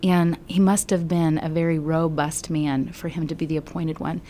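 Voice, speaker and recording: A woman's voice: low-pitched, little pitch movement, dark tone, a little hiss or hum. Earnest woman teaching a Bible lesson. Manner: slow and earnest, often dropping to a whisper. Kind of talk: emotional Bible storytelling lesson.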